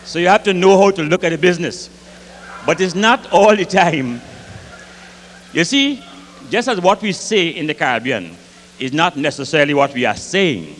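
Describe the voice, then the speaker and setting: A Grenadian man doing comic storytelling onstage at a live concert, lively and rich in dialect, acting out the voices in his tales. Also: a little high, moderate pace, long pauses, a little hiss or hum. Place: concert hall with audience. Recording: live concert hall reverb, faint ambience.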